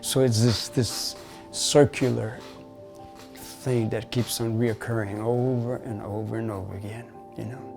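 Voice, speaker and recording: A man, a bass player, telling personal stories in a documentary interview, candid and profane, dropping Spanish phrases. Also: fairly even intonation, measured pace, creaky, darkish tone, soft background music.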